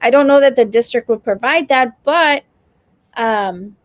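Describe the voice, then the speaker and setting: A woman co-hosts a casual livestream for educators, her voice sitting on the higher side. She chats freely and greets viewers by name. The sound is dry and close. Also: a little slow, no room sound. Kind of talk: casual chat.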